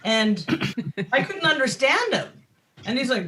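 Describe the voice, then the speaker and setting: Animated, laughing woman guest. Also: high-pitched, unhurried, slight background noise. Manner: animated, swears, laughs often. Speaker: guest, map company founder. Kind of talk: casual chat.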